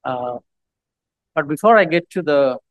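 Male visiting preacher, sermon, fairly high voice, dry sound, halting delivery with slow scripture reading. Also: expressive, no echo, poor audio.

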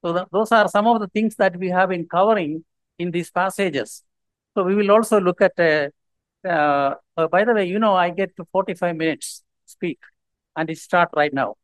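A man preaching a sermon as a visiting speaker, halting with frequent restarts and reading scripture slowly and deliberately. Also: high-pitched, dry recording, rough recording.

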